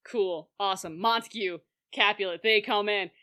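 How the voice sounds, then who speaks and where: A woman chatting casually as a co-host, animated and laughing, acting out quoted lines as she recaps a film. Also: mid-range voice, moderate pace, smooth.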